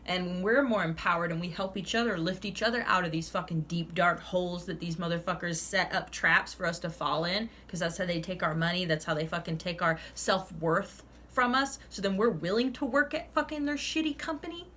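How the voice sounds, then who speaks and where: A woman's voice: lowish voice, fairly quick, few pauses, a bit bright, a little hiss or hum. Fired-up swearing woman tarot reader. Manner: ranting, heavy swearing, fired up. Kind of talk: casual tarot reading monologue.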